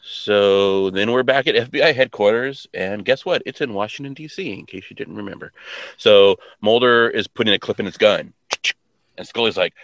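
A man's voice: fairly low pitch, normal speed, a bit bright, dry recording. A man co-hosting a podcast, casually recapping a TV episode in a rambling way, full of fillers and quoted lines. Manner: rambling, many "like" fillers, quotes characters in offhand voices. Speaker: podcast co-host.

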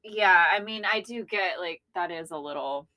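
A woman's voice: on the low side, moderate pace, bright, forceful tone. A woman co-hosting a podcast, chiming in with short reactions and asides in casual chat. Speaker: podcast co-host.

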